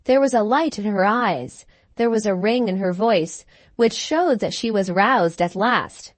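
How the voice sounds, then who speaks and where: A woman's voice: medium pitch, unhurried, no echo. Woman narrating a classic novel. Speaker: audiobook narrator. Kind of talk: scripted narration of a Victorian novel.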